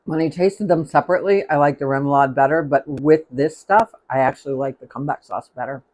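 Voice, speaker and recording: Man, slightly higher voice, casual cooking-stream host, rambling kitchen chat, tasting as he goes. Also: fast, a little mellow. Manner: chatty and rambling, tasting food as he talks.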